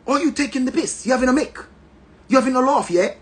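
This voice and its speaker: A man's voice: very high-pitched, quick pace, pitched above the performer's own voice. A man voicing an angry rich woman who mocks and scolds in a put-on British accent. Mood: mocking. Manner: scolding, mocking.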